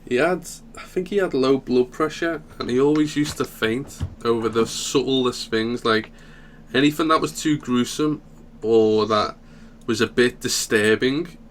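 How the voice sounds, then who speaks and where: A man's voice: medium pitch, a little slow, slight background noise. A young man casually telling a story from school, chuckling now and then.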